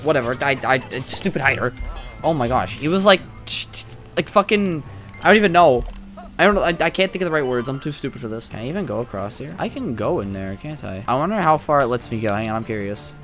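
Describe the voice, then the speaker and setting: Young man, gaming commentary, swooping animated voice, excitable and profane, faint game music behind. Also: mid-range voice, fast. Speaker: gaming YouTuber. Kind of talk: let's play commentary.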